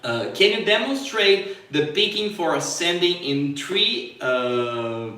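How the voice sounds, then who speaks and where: Slow-talking male guitar teacher, roomy sound. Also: on the high side, animated, sharp tone, recorded from a distance. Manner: explains step by step, checks in with frequent "okay?"; pauses to demonstrate on the guitar. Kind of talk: live online guitar lesson.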